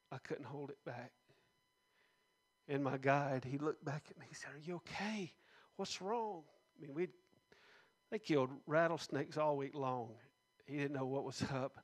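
A middle-aged man telling a personal testimony to a gathering in an indoor hall. He speaks earnestly and drops soft and low at the heavy parts.

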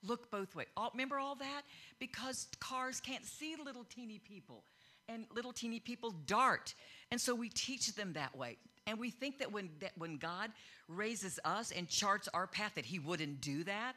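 A middle-aged woman preaching a sermon, animated, acting out quoted voices and growing loud and excited. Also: mid-range voice, moderate pace. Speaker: pastor.

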